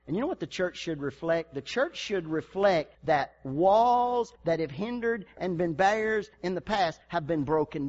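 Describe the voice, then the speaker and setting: High-pitched male pastor, sermon delivery from hushed to shouting, dull lo-fi church recording. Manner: preaching with big swings from hushed to shouting. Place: church sanctuary.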